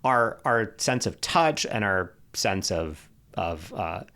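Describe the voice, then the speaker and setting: A man in his thirties co-hosting a relationship podcast, thinking out loud in a rambling way with lots of fillers. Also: lowish voice, expressive, slow. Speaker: podcast co-host. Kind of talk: casual chat.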